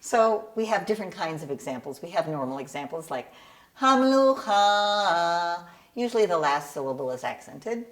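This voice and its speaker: Woman tutor, patient measured explanation, fairly low voice, sung examples. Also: animated. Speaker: bar and bat mitzvah cantillation tutor. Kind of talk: explaining her teaching method.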